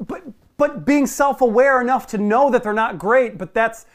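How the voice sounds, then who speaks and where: A man's voice: very high-pitched, moderate pace. A man co-hosting a film podcast, defending a movie's script and repeating himself as he argues. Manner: argumentative, repeats himself, gives in with a laugh. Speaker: podcast co-host. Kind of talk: casual film-review debate.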